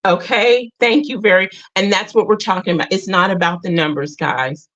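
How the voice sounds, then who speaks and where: A woman's voice: mid-range voice, moderate pace, a bit bright, highs cut off. A middle-aged woman hosting a casual livestream. She talks straight to her viewers, earnest and emotional. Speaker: livestream host.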